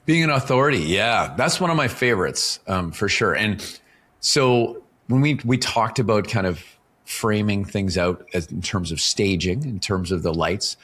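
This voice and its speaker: A man's voice: fairly low pitch, lively intonation, moderate pace, fairly bright tone. A middle-aged man, a guest talking casually in an interview and explaining ideas through stories, often tagging his points with "right?". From Canada. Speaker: author and professional speaker, podcast guest.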